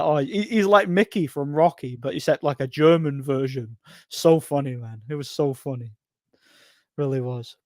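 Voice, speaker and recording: A man with a slightly high, somewhat mellow voice hosts a casual live stream at a normal pace, rambling through chat comments, repeating himself, and laughing at his own stories. The recording is clean studio sound with no echo.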